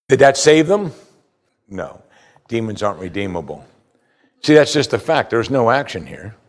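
A man preaching a sermon, reading scripture aloud and explaining it with emphatic rises and quiet low asides. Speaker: pastor.

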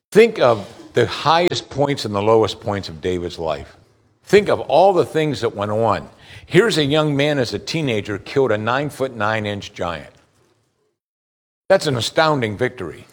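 Animated preaching man with wide swings. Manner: animated preaching, rising loud on high points, dropping low and slow for scripture; addresses listeners with direct questions. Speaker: pastor. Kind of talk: sermon.

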